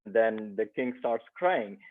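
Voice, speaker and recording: A man taking part in an online class, speaking hesitantly with many pauses over a call. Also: lowish voice, lively intonation. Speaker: class participant. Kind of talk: casual sharing. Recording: tinny dry phone-line audio.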